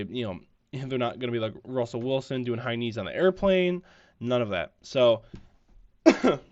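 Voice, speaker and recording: A man hosting a casual solo podcast, talking with a stuffy, congested nose in a rambling, self-deprecating way that often repeats itself. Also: mid-range voice. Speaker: podcast host. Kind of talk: casual solo sports-betting chat. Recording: slightly dull lo-fi audio.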